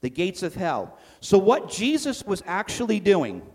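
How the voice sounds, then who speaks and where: A man's voice: sits high, huge pitch swings, measured pace, darkish tone, slightly rough. A man preaching a sermon to his church in a conversational way, acting out the quotes he reads with swings in volume. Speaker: pastor.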